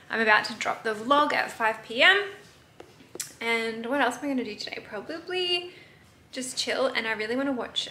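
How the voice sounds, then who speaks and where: A young woman in her twenties chatting casually to her camera for a vlog, giggly and quick to swear. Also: on the high side, gravelly, sharp tone, a little hiss or hum. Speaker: vlogger.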